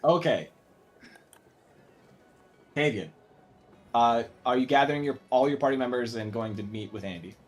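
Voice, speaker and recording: A man's voice: medium pitch, moderate pace, pauses often, soft background music. A young man narrating a tabletop game as game master, rambling with fillers and restarts.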